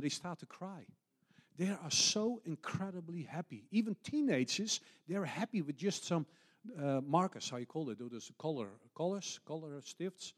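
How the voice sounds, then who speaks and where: A middle-aged man, a missionary pastor, preaching a sermon in an earnest storytelling way, with non-native phrasing and frequent restarts. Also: medium pitch.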